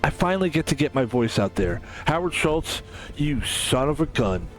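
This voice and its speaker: A man talking through a casual solo stream with a slightly high voice. He rambles from topic to topic, swears freely and tosses in jokey asides. Faint music plays underneath. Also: very animated, moderate pace. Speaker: game streamer.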